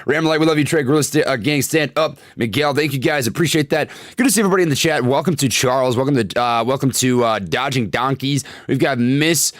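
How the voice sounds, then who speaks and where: A man's voice: mid-range voice, quick pace, hardly any pauses, no echo, clean studio sound. Hyped young man hosting a stock livestream. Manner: hyped, slangy, catchphrase-heavy, reads chat aloud. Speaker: stock trading livestream host. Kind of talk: casual energetic livestream chat. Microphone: desk condenser microphone.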